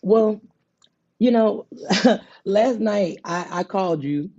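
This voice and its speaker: Frank woman co-host, mellow tone, dull lo-fi sound. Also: mid-range voice, expressive, takes it slowly. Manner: candid, laughs often, stammers into her points. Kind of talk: casual chat. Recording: dull lo-fi audio.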